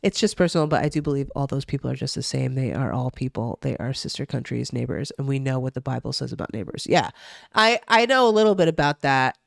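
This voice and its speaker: A woman's voice: extremely low pitch, expressive, fast talker, creaky, no room sound, clean studio sound. A young woman from New Jersey chatting casually on a live stream, swearing freely and reacting to chat. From New Jersey, USA. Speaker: streamer reading the news.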